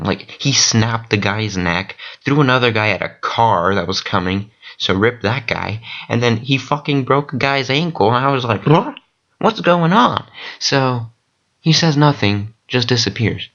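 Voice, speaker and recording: A man telling a long rambling story in a casual vlog, excitable and full of fillers. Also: on the low side. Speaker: vlogger. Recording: dull lo-fi recording.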